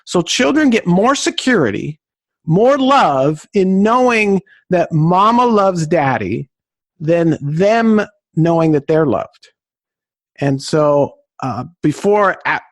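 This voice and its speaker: A middle-aged man from southern California, a podcast guest telling stories in an exclamatory, high-energy way. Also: dry recording. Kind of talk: enthusiastic storytelling.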